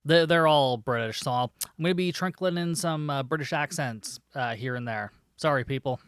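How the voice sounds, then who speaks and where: A man's voice: on the high side, moderate pace, clean tone, no room sound, clean studio sound. A man hosting a podcast, recapping a film plot in a chatty, sarcastic way with profane asides. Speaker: podcast host reviewing a film. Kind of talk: casual spoken film recap.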